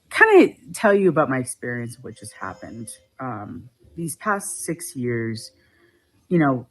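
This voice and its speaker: A woman vlogger ranting casually to the camera, agitated as she retells her arguments. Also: extremely low pitch.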